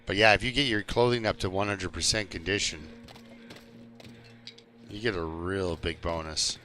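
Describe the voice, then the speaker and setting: A man's voice: low-pitched, steady tone, moderate pace, bright, forceful tone, a little hiss or hum. A man giving rambling, jokey commentary while live-streaming a game and chatting with viewers. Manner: rambling, jokey, talks to chat.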